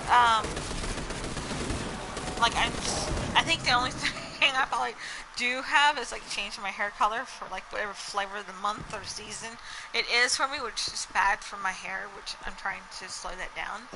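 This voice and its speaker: A young woman vlogger with a fairly high voice chats casually to camera over background noise. She rambles with plenty of "like" and "you know," slipping into snatches of song as she tells stories.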